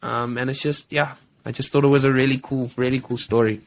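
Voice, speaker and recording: Male podcast co-host, casual storyteller, loose and filler-heavy, average pitch. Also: flat delivery, brisk, gravelly. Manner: rambling, many fillers and restarts.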